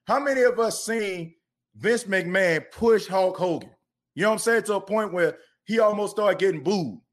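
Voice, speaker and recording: A man's voice: high-pitched, moderate pace. A man hosting a sports podcast, ranting with passion and repeating himself. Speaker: podcast host. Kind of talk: fired-up sports podcast rant.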